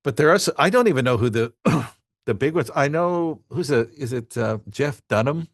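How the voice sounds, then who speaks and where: In studio-quality audio with no echo, a podcast host chats casually at a moderate pace. His mid-range voice is expressive, and he rambles with plenty of fillers and asides.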